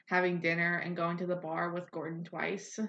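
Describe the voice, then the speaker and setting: A woman's voice: on the low side, monotone, moderate pace, creaky, a bit bright. A woman co-hosting a podcast in casual, jokey chat. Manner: chatty, laughs often, jokey. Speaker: podcast co-host. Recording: echoey, dull lo-fi room audio.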